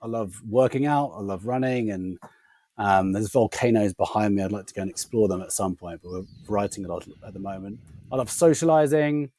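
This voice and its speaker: A man with a non-rhotic accent that drops his R's, a podcast guest telling a casual, animated story. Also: lowish voice, fairly quick, no room sound. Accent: non-rhotic English, drops R sounds. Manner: animated, laughing anecdote teller.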